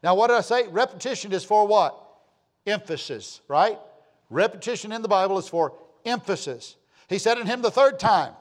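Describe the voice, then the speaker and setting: High-voiced older preacher swinging loud to hushed. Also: male voice, lively intonation, moderate pace. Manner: emphatic preaching, swinging from loud to hushed, asks the congregation for amens. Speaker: pastor. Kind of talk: sermon.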